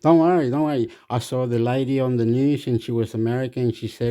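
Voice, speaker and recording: A man's voice: medium pitch, steady tone, fast, hardly any pauses, dark tone, smooth. A man giving rambling, repetitive casual commentary on the news, swearing and acting out what others said.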